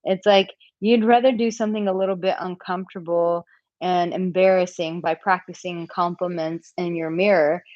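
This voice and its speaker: A woman's voice: on the low side, fairly even intonation, moderate pace, no room sound, lo-fi sound. An American woman who coaches men on dating, chatting casually on a live-stream Q&A with lots of filler words. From United States. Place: home, living in Portugal.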